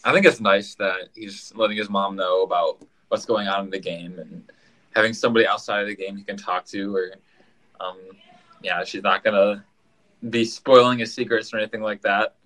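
Low, bright-voiced man recapping. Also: steady tone, normal speed, rough recording. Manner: rambling, repeats words. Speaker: podcast co-host. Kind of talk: casual recap chat.

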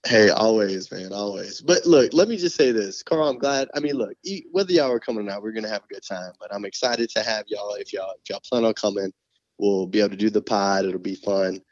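A man hosting a podcast, telling stories in a relaxed, casual way. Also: on the low side, a little fast, muffled recording. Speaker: podcast host. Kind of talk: casual chat.

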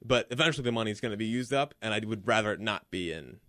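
A young man co-hosting a sports podcast, talking fast and emphatically with self-mocking asides. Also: lowish voice, animated, a bit bright, no room sound. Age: young adult. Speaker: podcast co-host. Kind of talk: casual sports chat. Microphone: podcast microphone.

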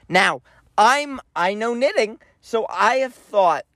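A man's voice: high voice, slow, dry recording. A man co-hosting a podcast, telling a family story in casual chat and acting out relatives' lines in quoted voices. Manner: animated, acts out family members in quoted voices. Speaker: podcast co-host.

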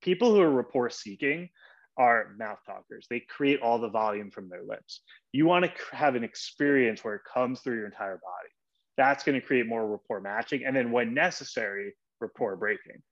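A man hosting his own podcast, giving an energetic coaching monologue and acting out short example voices. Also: medium pitch, normal speed, dull audio. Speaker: podcast host.

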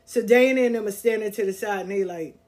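Older woman, podcast host, casual storytelling, animated, slangy, voices other people. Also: mid-range voice, fast talker.

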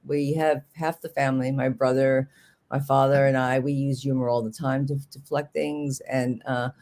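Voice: mid-range voice, little pitch movement, moderate pace, darkish tone. An author from New York talking casually in an interview, rambling, restarting sentences often and joking along the way. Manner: rambling, self-interrupting, jokey. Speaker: author guest.

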